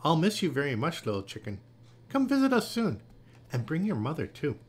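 Man voicing an excitable young girl frog. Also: on the high side, brisk, breathy edge, full character voice. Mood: tender. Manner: breathless shouting wonder.

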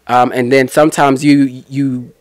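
A man's voice: mid-range voice, little pitch movement, unhurried, a little mellow, dry recording, studio quality. A man giving a casual Bible teaching, retelling scripture in a chatty, slangy way with asides.

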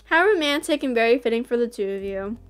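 A woman reading the lines of a courteous young male wedding planner in a visual novel, in a measured, formal manner. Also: on the high side, animated, smooth, close to an everyday voice. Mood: polite.

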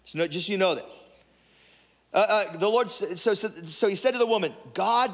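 Man preaching with a high, ringing voice. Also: lively intonation, moderate pace. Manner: repetitive restarts, conversational preaching. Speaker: pastor. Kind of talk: sermon. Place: church sanctuary. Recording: long hall reverb.

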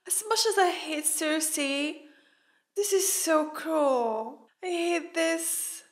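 A woman hosting a reaction video, talking emotionally and loudly to the screen, into a studio podcast mic. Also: extremely high pitch, slow pace, a little hiss or hum. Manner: emotional, exclamatory, talks to the screen. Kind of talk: live reaction commentary.

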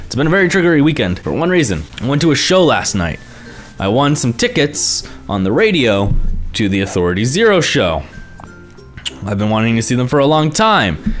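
A young man vlogging, his pitch swinging up and down as he rants about whatever is bugging him. He swears constantly and tosses in exasperated asides. Faint music plays quietly behind him. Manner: profane, animated ranting with exasperated asides. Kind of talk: ranting vlog monologue.

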